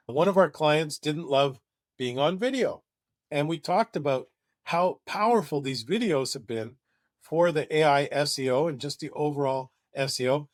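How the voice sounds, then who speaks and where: Male webinar presenter, upbeat and conversational, slightly raised pitch. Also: dry recording, studio quality. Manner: enthusiastic and conversational. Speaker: marketing agency presenter.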